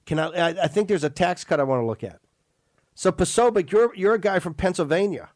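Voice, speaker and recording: A man's voice: sits high, lively intonation, fairly quick, darkish tone, no echo, clean studio sound. A man hosting a political talk radio show, emphatic and rambling, often repeating and restarting words.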